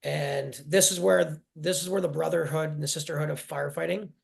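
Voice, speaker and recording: A man in his forties telling his personal story in an interview, halting and emotional, often restarting his sentences. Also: on the high side, steady tone, creaky. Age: 40s. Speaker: guest.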